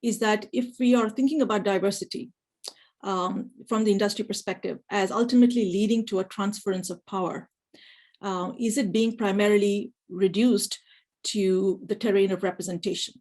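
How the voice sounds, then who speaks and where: A woman giving an academic lecture, thoughtful and measured, with frequent "you know" fillers. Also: medium pitch, steady tone, darkish tone, rough recording.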